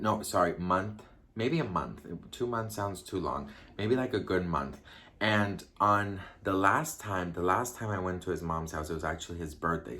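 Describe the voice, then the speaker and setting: A young man tells a personal story straight to his viewers in a chatty, confiding way, full of fillers and asides. His voice sits a little low for a man. He keeps it casual and conversational throughout. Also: a bit bright. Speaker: vlogger.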